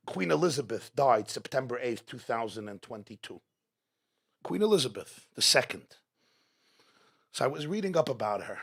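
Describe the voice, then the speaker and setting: A man's voice: medium pitch, sing-song, normal speed, gravelly, pauses often, fairly bright tone, husky. A man speaking as guest speaker at a live religious gathering, delivering a dramatic inspirational talk full of repeated rhetorical questions. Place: event hall, live before an audience.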